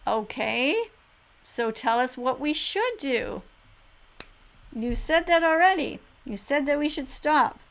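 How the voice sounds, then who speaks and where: A preachy woman talks straight to the camera, emphatic and exclaiming. Her voice sits a little high for a woman. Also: expressive, slow pace, vocal fry, fairly bright tone, poor audio. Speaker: vegan activist video host. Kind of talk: reaction commentary to camera.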